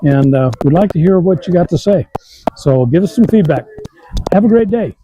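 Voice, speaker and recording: A man's voice: high voice, normal speed, muffled recording. Folksy man cooking outdoors, noisy. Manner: relaxed, folksy, thinking aloud. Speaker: cooking channel host. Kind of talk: casual outdoor cooking vlog. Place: outdoors on a windy campsite by a truck. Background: wind noise.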